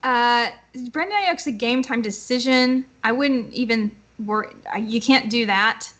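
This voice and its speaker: A woman's voice: fairly high pitch, unhurried, a bit bright. A woman co-hosting a live fantasy football show, giving blunt, decisive start-or-sit picks. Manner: decisive, blunt opinions, laughs easily. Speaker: co-host, fantasy analyst.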